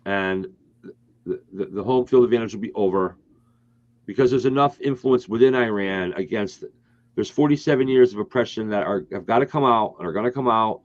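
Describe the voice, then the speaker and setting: A man's voice: on the low side, fairly quick, dry recording. A man co-hosting a casual political talk stream, speaking emphatically and rambling with frequent restarts. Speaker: co-host. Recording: dull, dry lo-fi stream audio.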